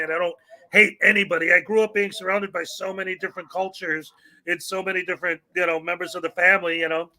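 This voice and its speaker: A man's voice: sits high, pushed and bright, slight background noise. A man from Chicago with a Chicago accent, hosting a casual live-stream chat in a chatty, jokey way. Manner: chatty, jokey, laughs often. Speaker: show host.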